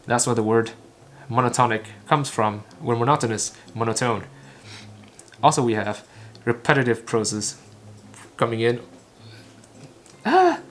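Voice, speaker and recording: An English-learning channel host from Vietnam, whose native language is Vietnamese, practices by shadowing a recorded talk line by line. Phrase after phrase comes out halting and clipped, with frequent stumbles and restarts. His mid-range voice is steady and fairly bright, over slight background noise.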